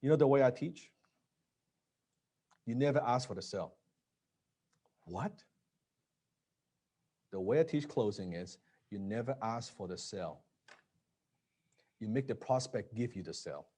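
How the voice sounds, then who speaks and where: A man teaching a live sales training, blunt and casual, swearing now and then and dropping low to stress points. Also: expressive, a little slow, pauses often, mellow, slightly rough. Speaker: sales coach.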